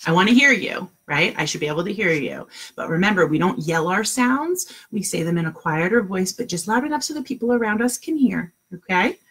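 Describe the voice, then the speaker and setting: A woman teaching a phonics lesson to young children, with slow, drawn-out sounds and lots of praise. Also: medium pitch, expressive, fairly bright tone, slightly rough. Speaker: kindergarten teacher.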